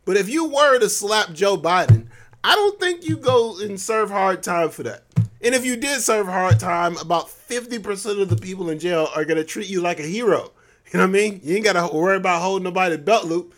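A man's voice: high-pitched, expressive, brisk, a bit bright. A man hosting a solo podcast, talking loosely and joking, often breaking into laughs. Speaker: podcast host. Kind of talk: casual solo podcast monologue.

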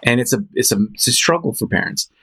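A man hosting a show, chatting casually in a rambling, animated storytelling way with frequent restarts and fillers. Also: mid-range voice, quick pace, breathy edge. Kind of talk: casual chat.

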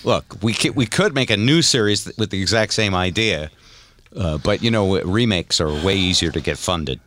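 A man's voice: deep voice, expressive, moderate pace, a bit bright. A man hosting a casual podcast, telling stories animatedly and laughing often. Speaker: podcast host. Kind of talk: casual chat.

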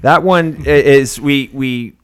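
A man co-hosting a casual movie podcast, talking in a rambling, animated way with plenty of restarts. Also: medium pitch, slow, clear, resonant tone. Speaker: podcast co-host. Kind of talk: casual chat.

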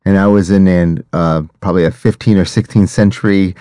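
A man telling a quick anecdote in a casual podcast chat. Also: low-pitched, fairly even intonation, dark tone, clear, resonant tone, no room sound, clean studio sound.

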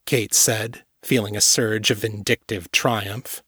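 A man reading a novel aloud in a steady, measured way, close to the mic. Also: lowish voice, breathy edge, no room sound. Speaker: audiobook narrator. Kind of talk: scripted narration.

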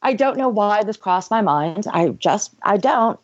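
A woman's voice: mid-range voice, expressive, unhurried, no room sound. A woman co-hosting a casual film-review podcast, ranting and swearing, and mocking scenes in put-on voices. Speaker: podcast co-host. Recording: dry, dull lo-fi sound.

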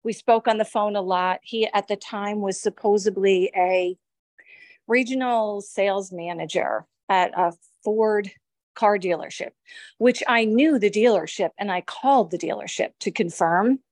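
A woman's voice: mid-range voice, a little slow, darkish tone, dry recording, studio quality. A woman in her forties casually recounting her own story in an interview, rambling and acting out bits of dialogue. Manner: rambling, with frequent restarts and quoted dialogue. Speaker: victim telling her story.

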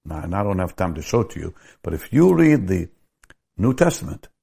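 Middle aged guy preaching, real low voice, bit husky, gets loud n fervent when he prays. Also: sing-song, normal speed. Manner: emphatic, rising to fervent prayer. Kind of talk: sermon with storytelling.

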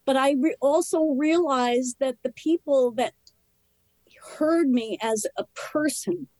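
Candid woman, high and dry. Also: a little mellow, no room sound, rough recording. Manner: candid, earnest, talks in short halting phrases. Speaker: interview guest. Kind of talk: personal recovery story in conversation.

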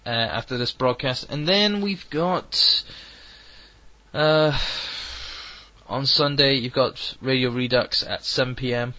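A man's voice: medium pitch, slow pace, sharp tone, no room sound, muffled recording. A man hosting an internet radio show, rambling chattily through his sign-off and plugs, often correcting himself. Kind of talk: casual radio sign-off chat.

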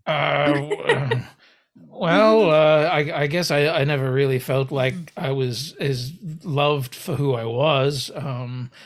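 A man's voice: a little high, slow pace. A man co-hosting a podcast, talking in casual chat with hesitant, laughing, self-deprecating remarks. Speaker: podcast co-host.

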